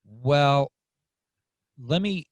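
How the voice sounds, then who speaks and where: A man hosting a podcast interview, telling a story in a casual, animated way and acting out the people in it. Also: mid-range voice, extremely slow, no room sound. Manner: animated, acts out voices in anecdotes. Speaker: podcast host.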